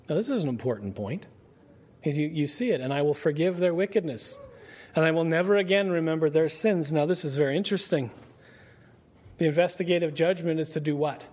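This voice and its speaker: A man preaching a Bible-study sermon in a conversational way, asking his listeners rhetorical questions and slowing down to read scripture aloud. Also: on the high side, a little mellow.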